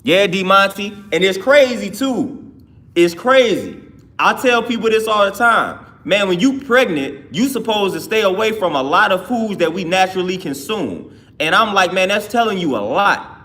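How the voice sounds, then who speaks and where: Bright high-voiced man chatting on stream. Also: animated, normal speed. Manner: loose, conversational, often restarting and laughing. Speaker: livestream host. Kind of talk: casual livestream talk answering chat.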